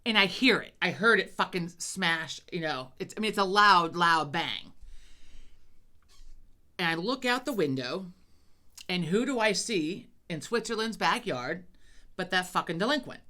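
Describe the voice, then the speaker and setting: A woman with a low, bright, forceful voice tells a neighbor story in casual podcast chat. She is animated and swears a lot as she talks. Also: measured pace. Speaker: podcast co-host.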